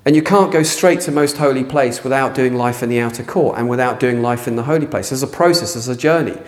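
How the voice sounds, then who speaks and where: A man's voice: medium pitch, quick pace. Passionate man preaching a sermon. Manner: passionate, rising to near shouting. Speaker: pastor. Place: church hall.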